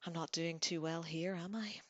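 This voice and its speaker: A woman's voice: fairly low pitch, fairly even intonation, normal speed, no echo, dull audio, close to an everyday voice. A woman doing a teasing young woman. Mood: playful. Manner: teasing, coaxing. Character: young woman, playful and coaxing, confident. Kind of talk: audiobook reading.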